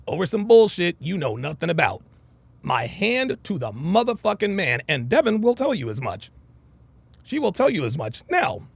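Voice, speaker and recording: A man talks straight to his viewers in a casual commentary monologue, swearing freely as he tells a story. His pitch climbs and dips a lot, and a gravelly rasp sits under it. He speaks a bit higher than most men. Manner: profane, storytelling, animated. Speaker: commentary host.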